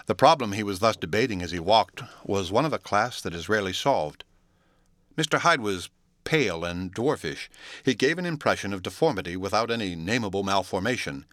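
A man narrates a classic novel in a steady, measured, formal reading. His voice is on the low side with a sharp, forceful edge, and the recording is dry and close with no room sound. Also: no room sound. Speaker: audiobook narrator. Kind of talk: classic novel read aloud.

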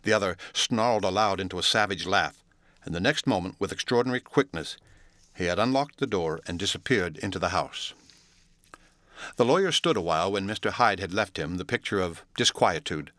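A man reading a classic novel aloud as narrator, in a steady, measured, formal manner. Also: sits low, no room sound. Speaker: audiobook narrator.

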